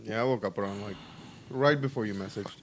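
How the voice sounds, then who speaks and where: A man's voice: lowish voice, a little fast, a little hiss or hum. Easygoing man laughing through podcast chat. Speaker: podcast co-host. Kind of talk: casual chat.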